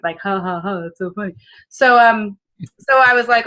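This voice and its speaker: Bright and forceful, her slightly high voice moves briskly, though the audio is poor. A business consultant from the American Midwest with a Midwestern accent, she tells candid, self-deprecating stories in an interview, chatty and loaded with fillers and quoted asides.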